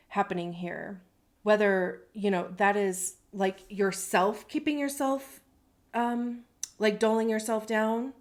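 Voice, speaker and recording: A woman giving a casual tarot reading to camera, talking in a reflective way, often pausing to search for words. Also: mid-range voice. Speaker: tarot reader.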